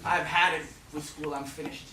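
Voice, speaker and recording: A man's voice: on the high side, steady tone, moderate pace, lightly acted. A man playing his cheeky five-year-old self, whiny and indignant. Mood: defiant. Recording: echoey hall, far from mic, noisy.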